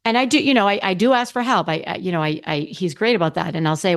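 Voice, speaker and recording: Her voice sits on the low side and moves fast as the middle-aged host chats casually on her own podcast. Candid and rambling, she keeps restarting sentences and correcting herself.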